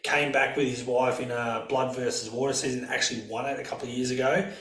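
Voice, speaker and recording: Male podcast co-host, mid-pitched, relaxed and agreeable, roomy echoey sound. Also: quick pace. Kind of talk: casual film review chat.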